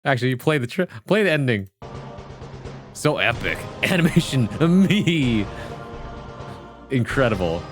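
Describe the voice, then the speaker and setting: A man's voice: mid-range voice, very animated, a little slow, long pauses, soft background music. A man streaming live, chatting casually with his viewers in a rambling, jokey way and laughing often. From Vietnamese heritage. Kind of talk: casual livestream chat.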